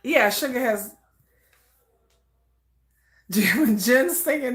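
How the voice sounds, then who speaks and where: A woman giving casual live reaction commentary, chatty, trailing off into soft murmurs and then jumping into excited bursts. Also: on the high side, slow, pauses often.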